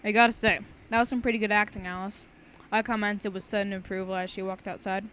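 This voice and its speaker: Young woman, casual read-aloud, rambling, stumbles over words, mid-range pitch. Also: level tone, fast talker, a bit bright, a little hiss or hum. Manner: chatty, rambling, stumbles and restarts. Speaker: story reader.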